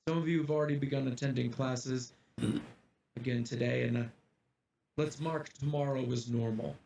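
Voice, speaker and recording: A man voicing a grave male headmaster who gives a solemn, measured address to his students, recorded from a distance in an echoey room with faint ambience. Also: mid-range voice, steady tone, creaky, warm tone, a little hiss or hum, natural voice.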